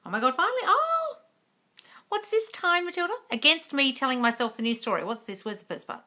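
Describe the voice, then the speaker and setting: A woman's voice: a little high, very animated, very fast, bright, forceful tone. A young woman coach answering viewer questions in a casual live stream, chatty and blunt, swearing now and then. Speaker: manifestation coach.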